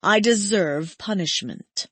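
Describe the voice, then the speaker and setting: A brooding young man speaks firmly but with restraint, resigned and unhurried, as a woman narrator voices him. The read is close and dry, at a slow pace. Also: medium pitch, very animated, no room sound. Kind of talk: audiobook character voice.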